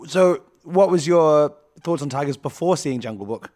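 A man's voice: on the high side, expressive, normal speed, darkish tone, no room sound, studio quality. A man co-hosting a casual comedy podcast, rambling and joking and laughing often. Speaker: podcast co-host.

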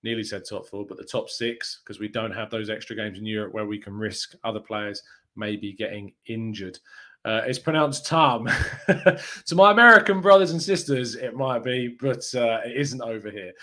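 Hosting a live football fan news show, a man chats in an upbeat way and reads out viewer comments, peppering his talk with fillers and quick laughs. His voice is on the low side, bright and forceful.

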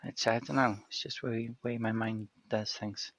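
A man's voice: fairly low pitch, level tone, normal speed, a bit bright, a little hiss or hum. A man talking as a podcast guest, hesitant and self-deprecating in casual chat.

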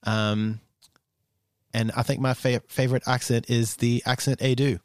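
A man's voice: mid-range voice, level tone, a little slow, clean tone, no room sound. Playful man on a dry podcast mic. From Australia. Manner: playful, teasing, jokey. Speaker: podcast co-host. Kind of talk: casual chat with read ads.

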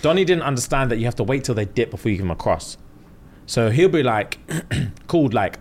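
A man's voice: medium pitch, quick pace. A young man, a podcast co-host telling stories in casual chat and acting out what people said. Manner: animated storytelling, acting out quotes with slang.

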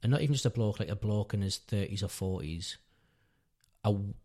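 A man's voice: on the low side, animated, brisk, warm tone. A man, around his thirties, telling a long personal story in casual chat, rambling and correcting himself as he goes. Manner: rambling, self-correcting, earnest. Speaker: podcast guest, father.

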